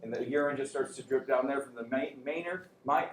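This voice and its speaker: A man lecturing a classroom in a relaxed, joking way, tossing questions at his students. His voice sits at an everyday middle pitch and rings off the walls of a roomy hall, with a faint hum of room noise behind it. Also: brisk. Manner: casual, joking, quizzes the class. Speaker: anatomy and physiology instructor.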